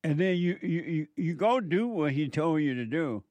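A man giving a preachy political commentary monologue, slow and emphatic, exhorting his listeners. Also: on the high side, animated, darkish tone, dry recording.

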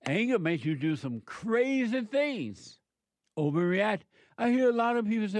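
A man's voice: high-pitched, sing-song, measured pace, no room sound. Man, preaching monologue, emphatic, repeats himself, rhetorical questions, dry close sound.

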